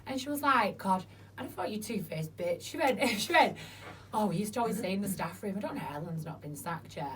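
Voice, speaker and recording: In a frank, casual interview, a woman guest with a medium-pitched voice talks fairly quickly with lively intonation. Chatty and freely swearing, she acts out quotes from her stories; the distant mic picks up faint noise.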